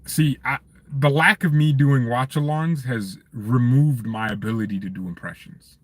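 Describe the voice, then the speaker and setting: A man hosting a fan channel live stream from his parked car, chatting casually with viewers in an animated, joking, ranting way. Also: mid-range voice, moderate pace.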